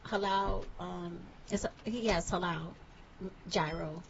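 A woman's voice: fairly low pitch, fairly even intonation, takes it slowly, crowd noise. A woman with a Long Island New York accent, chatting playfully as a guest. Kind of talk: casual chat. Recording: slightly muffled.

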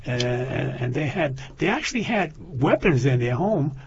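An older man in casual chat, a rambling storyteller who restarts his sentences often, husky in a lo-fi muffled recording. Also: mid-range voice, lively intonation, moderate pace. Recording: lo-fi muffled audio.

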